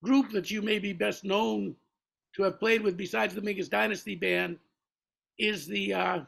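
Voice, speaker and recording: A man's voice: high voice, steady tone, normal speed, vocal fry, fairly bright tone, slightly rough, low-quality recording. A man hosting a casual interview, easygoing and interjecting with his own memories. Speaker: host and jazz musician.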